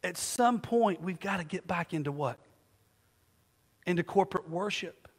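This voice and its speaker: A man's voice: sits high, lively intonation, normal speed. A man preaching a sermon as pastor. He keeps asking the congregation to finish his sentences. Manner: call-and-response preaching, asks the congregation to fill in words. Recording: long hall reverb.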